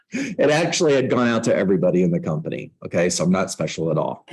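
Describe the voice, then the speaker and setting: A man's voice: on the low side, rough recording. A middle-aged man coaching real estate agents, teaching a class on a book in a conversational way, with self-mocking jokes.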